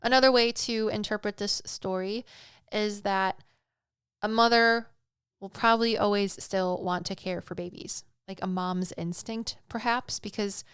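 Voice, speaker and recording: A woman's voice: mid-range voice, steady tone, measured pace, fairly bright tone, smooth, no echo, clean studio sound. A young woman hosting a podcast, talking in a casual, chatty way with frequent laughs and restarts. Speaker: podcast host. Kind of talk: casual spoken commentary.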